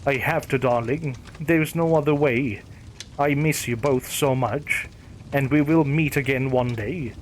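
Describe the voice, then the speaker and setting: A man voicing a loving mother speaking from the afterlife, soft and tender, over faint background noise. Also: mid-range voice, close to an everyday voice.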